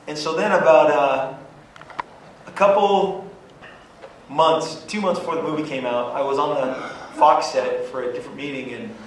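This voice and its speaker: Animated man telling stories in an echoey hall. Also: moderate pace, a little hiss or hum. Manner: energetic, acts out quotes with sudden high-pitched outbursts. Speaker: comics creator on a convention panel. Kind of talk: animated storytelling on a panel. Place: large convention hall. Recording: echoey hall from far off with crowd.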